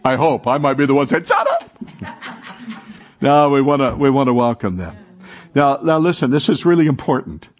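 A man preaches as pastor in a church sanctuary, prompting the congregation to respond and echo his words. He speaks a little fast in a mid-range voice.

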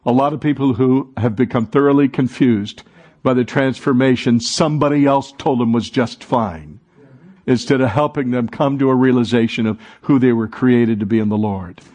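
A man's voice: medium pitch, moderate pace, a little mellow. A man preaching a sermon as pastor, calling on the congregation to answer and repeat after him. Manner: preaching, calls for congregation responses. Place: church sanctuary.

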